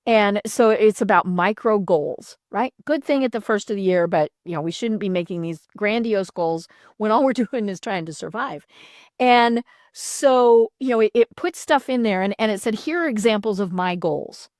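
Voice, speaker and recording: A middle-aged woman hosting a casual interview, chatty and animated, laughing often and filling pauses with "you know". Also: medium pitch, dry recording, clean studio sound.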